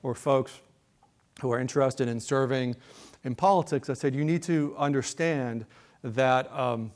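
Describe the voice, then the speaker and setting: A man's voice: mid-range voice, unhurried, darkish tone. A middle-aged man giving a conference talk and a TV interview as a guest speaker, conversational, with many fillers and rhetorical check-ins. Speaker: guest speaker, polling director.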